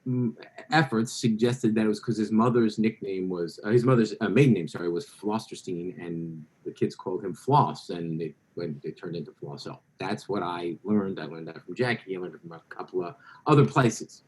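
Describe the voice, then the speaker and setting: A man's voice: deep voice, normal speed, poor audio. A man speaking as a guest author in an interview, telling anecdotes at length and correcting himself as he goes. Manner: rambling anecdotal, self-correcting. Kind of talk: conversational interview storytelling.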